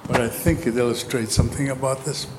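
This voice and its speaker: On a panel in a lecture hall, a man speaks hesitantly with many ums, tells a joke, and raises his voice when the mic fails. His voice is medium-pitched, steady, fast, and a little mellow, with a bit of hiss or hum.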